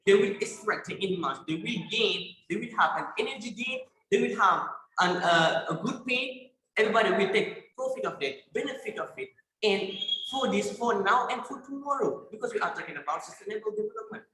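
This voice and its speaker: High, bright Senegalese teen debater. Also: male voice, animated, brisk. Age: teens. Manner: emphatic, fires rhetorical questions, stumbles and repeats words. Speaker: student debater. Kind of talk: competitive debate speech. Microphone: video call. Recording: echoey room on a video call.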